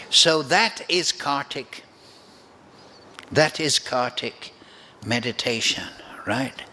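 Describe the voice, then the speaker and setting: A man giving a devotional scripture class, speaking in a slow, deliberate and reflective way. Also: mid-range voice, sharp tone, a little hiss or hum. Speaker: spiritual teacher.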